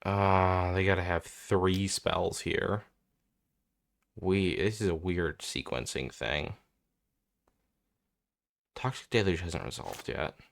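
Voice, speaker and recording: Speaking slowly with long pauses, a young man with a low, creaky voice comments on the card game he's playing. As a content creator, he thinks through his moves aloud, cursing and getting exasperated along the way.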